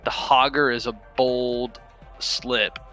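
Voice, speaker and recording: Bright-voiced male esports co-caster. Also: medium pitch, little pitch movement, faint music behind, rough recording. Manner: chatty, self-correcting, quick laughs. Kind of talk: casual esports commentary.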